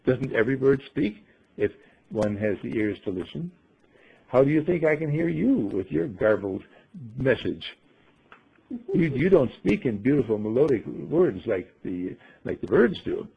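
A wise male talking bird from a spoken storytelling, patient and gently lecturing, as a man puts him on. The voice is gravelly and very husky. It sounds like a dull, lo-fi recording. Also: medium pitch, big pitch swings, unhurried, heavily acted. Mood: chiding.

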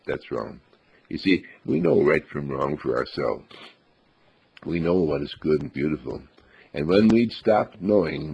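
A man's voice: extremely low pitch, creaky, darkish tone, breathy edge, lo-fi sound. A man giving an earnest, upbeat self-affirmation monologue as a motivational speaker, repeating his affirmations.

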